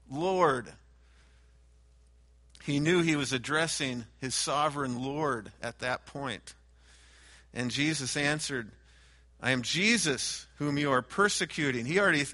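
A man's voice: a little high, sharp tone. A man teaching a Bible sermon, reading verses and raising his voice to stress repeated names. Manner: emphatic, raises voice on repeated names. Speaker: preacher.

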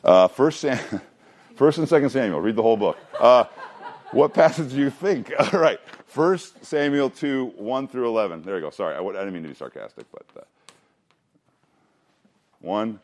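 A man's voice: medium pitch, sing-song, normal speed, long pauses. A man leading a Bible study, teaching casually, asking the group questions and joking as he goes. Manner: conversational, asks the room questions, jokes, restarts.

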